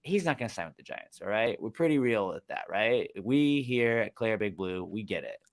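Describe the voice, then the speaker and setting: A young man co-hosting a sports podcast, ranting heatedly and with lots of swearing, jumping between loud outbursts and low muttering. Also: lively intonation, normal speed. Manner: heated, profane, swings from shouting to muttering. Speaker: podcast co-host. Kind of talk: casual sports podcast rant.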